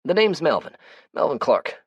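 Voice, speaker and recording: A man voicing a chatty, brash male survivor who talks loud, cocky and folksy. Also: a little high, very animated, moderate pace, slightly rough, dry recording, lo-fi sound, pitched above the performer's own voice, exaggerated voice.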